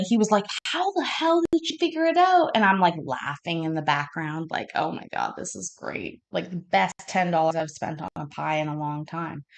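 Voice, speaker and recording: Stoned, chatty woman. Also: lowish voice. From Canada. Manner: chatty, profane, easily sidetracked. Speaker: streamer reacting to a court show. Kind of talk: casual rambling storytelling.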